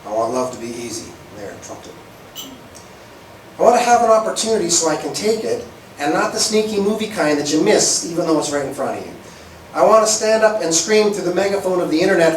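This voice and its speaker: Male spoken-word poet, wry and rhythmic, slightly raised pitch; distant mic, faint room hiss. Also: animated, a little fast. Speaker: performance poet. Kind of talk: spoken-word poetry reading. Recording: echoey room, far from mic.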